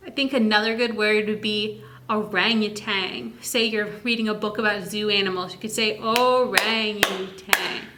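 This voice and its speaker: A woman presenting an instructional video for parents on early literacy, talking in a friendly, encouraging teacher's way and stretching words out slowly to show their sounds. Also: mid-range voice, steady tone, bright, forceful tone.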